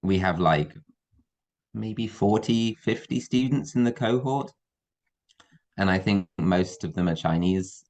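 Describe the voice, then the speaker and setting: A young man in his twenties with an English accent, chatting easily on a video call, relaxed and hesitant with fillers. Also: deep voice, slow, long pauses. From England. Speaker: guest, university student. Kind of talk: casual video call chat.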